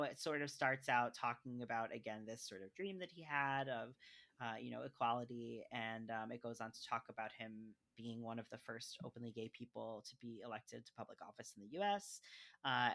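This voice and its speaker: Gravelly, bright-toned man chatting about books. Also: medium pitch. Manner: chatty, filler-heavy, reads aloud from a picture book. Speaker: podcast co-host reviewing children's books. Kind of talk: casual conversational book review.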